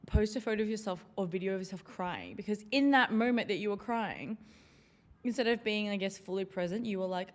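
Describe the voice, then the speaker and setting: Casting: twenties woman, solo podcast host, rambling and conversational, mid-pitched voice. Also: expressive, fast talker. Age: 20s. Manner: chatty, lots of "like" and "you know". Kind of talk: casual solo podcast chat.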